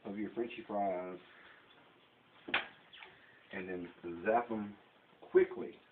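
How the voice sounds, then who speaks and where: A man's voice: on the low side, fairly even intonation, slow pace. A man with a Southern US accent, rambling and joking while he shows home cooking on his own channel. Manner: folksy, rambling, jokey. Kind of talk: casual kitchen demonstration. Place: home kitchen. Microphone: camera mic. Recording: tinny, echoey kitchen, faint noise.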